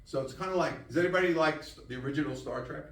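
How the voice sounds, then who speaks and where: A man in his sixties giving a casual, animated live talk to an audience as a spiritual teacher. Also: a little high, quick pace. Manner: casual, storytelling, animated with laughs and acted-out quotes. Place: room with an audience. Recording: roomy echo, mic at a distance.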